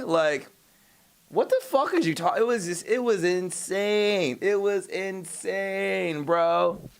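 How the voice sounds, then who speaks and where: A man's voice: fairly high pitch, fairly bright tone. A young man on a casual livestream, retelling an argument in a rambling, profane way, with many restarts and admitting he stutters sometimes. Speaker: streamer.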